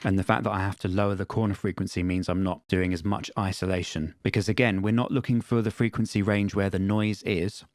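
Low-voiced man explaining audio software. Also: fairly even intonation, brisk, hardly any pauses, dry recording. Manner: plain, matter-of-fact explaining with repeated test phrases. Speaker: music production tutor. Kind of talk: screen-recorded software tutorial.

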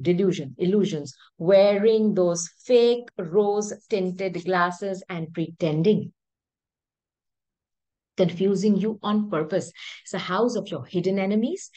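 A woman's voice: mid-range voice, warm tone, poor audio. A woman giving a spoken tarot reading straight to her viewers, emphatic and rambling. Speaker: tarot reader.

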